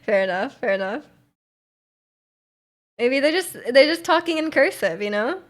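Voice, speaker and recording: Chatty young woman streamer, slightly high voice. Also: expressive, a little slow. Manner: rambling, heavy use of "like", frequent laughs. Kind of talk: casual chat with viewers.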